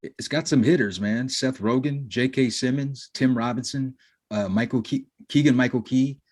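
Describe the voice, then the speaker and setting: Chill podcast guy, bit husky, dry wisecracks, no room sound. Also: mid-range voice, moderate pace, darkish tone, no room sound. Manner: laid-back, wry, short interjections. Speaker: podcast co-host. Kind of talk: casual chat.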